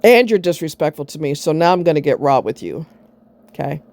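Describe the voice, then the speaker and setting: Middle-aged woman ranting about an ex-friend, blunt and sarcastic, warm low-key tone. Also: lively intonation, brisk. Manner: blunt, sarcastic, swears freely. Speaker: vlogger. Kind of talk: blunt storytelling monologue.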